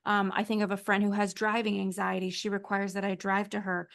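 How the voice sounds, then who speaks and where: A woman's voice: mid-range voice, completely flat delivery, a little fast, vocal fry, fairly bright tone. A woman hosting a podcast, talking candidly and reflectively, thinking aloud with fillers. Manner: candid, reflective, talks things through with fillers. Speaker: podcast host. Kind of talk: podcast conversation.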